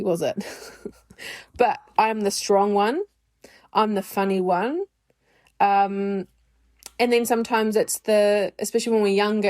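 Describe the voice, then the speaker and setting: A woman's voice: mid-range voice, darkish tone. A woman hosting a podcast, talking candidly and chattily in a personal monologue, often poking fun at herself. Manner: candid, chatty, self-deprecating. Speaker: podcast host.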